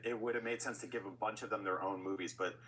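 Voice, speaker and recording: A man's voice: lowish voice, fairly even intonation, quick pace, fairly bright tone, slight background noise. A man hosting a casual live reaction stream, musing aloud with frequent restarts. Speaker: livestream host.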